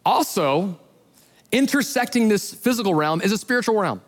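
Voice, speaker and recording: A male pastor preaches in a light, high-pitched voice, telling stories with lively acted-out voices. His words ring with the long reverb of a large church hall. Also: moderate pace. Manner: animated storyteller who acts out voices in his retellings. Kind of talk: sermon.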